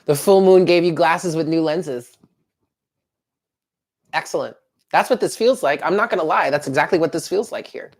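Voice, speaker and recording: A woman's voice: low-pitched, moderate pace, long pauses. A woman giving a chatty live tarot reading, talking straight to her viewers in an upbeat way. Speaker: tarot reader.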